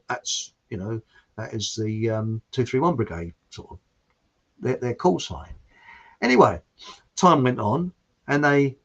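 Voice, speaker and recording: A man's voice: medium pitch, slightly rough. Older guy rambling and joking, voice jumps up and down a lot, dull lo-fi sound. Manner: jokey, chatty, self-interrupting storyteller. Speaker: host. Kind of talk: rambling monologue.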